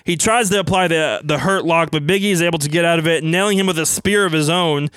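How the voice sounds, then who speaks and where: Brisk man narrating wrestling play-by-play. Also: a little high, fairly bright tone, clear, resonant tone, no echo. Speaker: storyteller.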